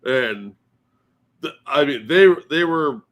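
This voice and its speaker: A man's voice: mid-range voice, animated, takes it slowly, a bit bright. A man co-hosting a casual morning stream, talking in a sleepy, self-deprecating way and swearing freely. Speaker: podcast co-host.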